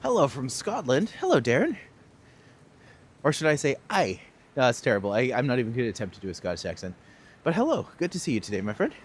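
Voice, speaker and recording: A man's voice: medium pitch, big pitch swings, rapid-fire, slight background noise. A young man streaming a walking tour outdoors in the cold, chatting casually and answering viewers' questions with jokes. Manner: casual, joking, reads out and answers chat questions. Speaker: tour guide. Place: outdoors on cold city streets.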